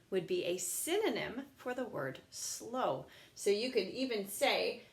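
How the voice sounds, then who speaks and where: A woman with a medium-pitched voice and some vocal fry teaches young children online. She's slow and patient, sounding words out in a sing-song teacher manner.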